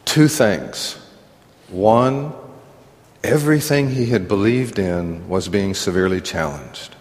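Middle-aged male pastor, slow and earnest, conversational sermon with self-deprecating laughs, church hall reverb. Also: on the low side, lively intonation, darkish tone. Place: church sanctuary.

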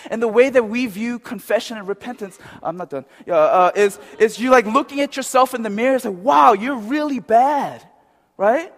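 A man's voice: high voice, fairly quick, few pauses, in a large hall. A man preaching a sermon in a conversational way, often checking with the crowd. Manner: conversational, asks the crowd "right?".

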